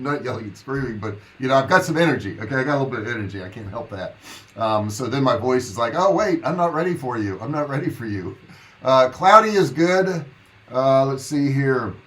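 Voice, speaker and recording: A man with a rough morning throat talks casually to his livestream viewers from his home office. He rambles in a friendly way, full of fillers and asides to the audience, at a middle pitch. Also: a bit bright, low-quality recording. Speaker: online business coach hosting a live Q&A.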